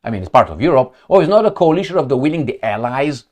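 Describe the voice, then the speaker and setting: A man's voice: mid-range voice, big pitch swings, fast, darkish tone. A man commenting on news headlines with heated sarcasm, rhetorical questions and frequent profanity. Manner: mocking retorts and rhetorical questions. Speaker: political commentator.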